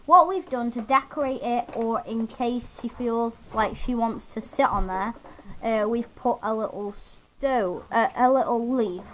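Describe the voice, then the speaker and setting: A woman vlogger at home casually showing and explaining her pet toad in a halting, rambling way with many restarts. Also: a little high, fairly bright tone, a little hiss or hum, poor audio. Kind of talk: casual show-and-tell.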